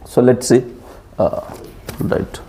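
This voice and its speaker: A man with an Indian accent giving a scripture class lecture, lively, laughing often and putting questions to his students. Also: slow, slight background noise. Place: class streamed live.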